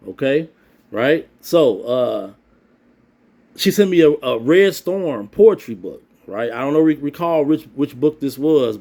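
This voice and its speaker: A man casually telling a personal story, animated and acting out sounds and quoted voices. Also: a little high, vocal fry.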